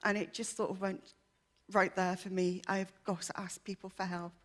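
A woman's voice: mid-range voice, level tone, moderate pace. A woman giving a personal testimony to a church congregation, candid, chatty and self-deprecating, earnest and emotional.

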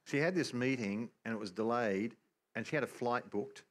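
A man's voice: medium pitch, moderate pace. A man acting as pastor, prompting and correcting the storyteller in a church service. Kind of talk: casual interjections in a church service.

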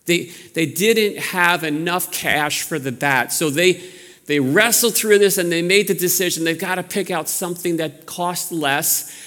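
New York pastor preaching in a hall. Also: male voice, high voice, unhurried, sharp tone. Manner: storytelling, conversational with frequent restarts. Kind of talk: sermon.

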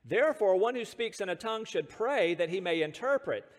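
An American pastor preaches with a high, light voice that carries a long reverb through a church sanctuary. He tells stories with self-deprecating humor and chuckles between points. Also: expressive, fairly quick. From United States. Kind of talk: sermon.

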